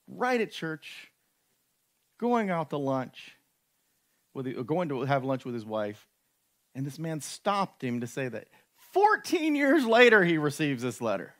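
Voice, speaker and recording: A man preaching a sermon, telling a story animatedly and slowing down for dramatic moments. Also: fairly high pitch, sing-song.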